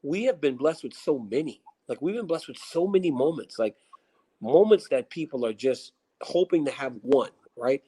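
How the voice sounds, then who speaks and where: A man in his forties, a former fighter, talking as a guest in a casual interview in a relaxed, reflective way, often restarting his sentences. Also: medium pitch, moderate pace, husky, low-quality recording.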